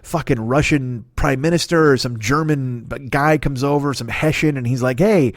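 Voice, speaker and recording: A man's voice: medium pitch, normal speed, no echo. A man in his fifties doing a rambling, profane comedic monologue as a podcast host. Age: 50s. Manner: profane, ranting, animated.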